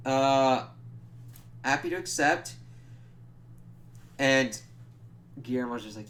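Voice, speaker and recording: Profane, animated man recapping a show. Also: medium pitch, moderate pace, slight background noise. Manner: animated, profane retelling with quoted lines; stumbles over words and laughs at himself. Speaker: TV reviewer. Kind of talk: casual episode recap.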